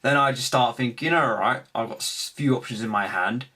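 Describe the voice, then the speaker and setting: A young man casually recapping his card game tournament, animated, acting out his opponents' remarks. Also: mid-range voice, moderate pace. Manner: animated storytelling, acts out opponents' lines.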